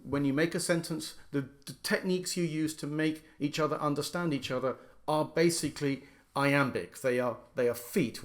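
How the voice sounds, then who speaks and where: A middle-aged man giving an informal lecture as a musician, explaining by speaking out the stresses he describes. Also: on the high side. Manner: explains by demonstrating stresses aloud. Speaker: lecturer and violinist.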